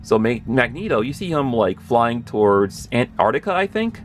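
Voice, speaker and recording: Excitable man gushing in a casual recap. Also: medium pitch, moderate pace, soft background music. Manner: excitable, rambling, gushing, with self-corrections. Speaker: pop culture video host.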